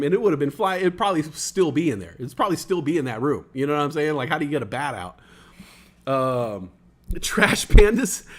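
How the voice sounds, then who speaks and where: A man's voice: fairly high pitch, fairly bright tone. A young man casually telling a rambling story on a stream, full of fillers and acted-out quotes. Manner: rambling, many fillers, acts out other people's voices.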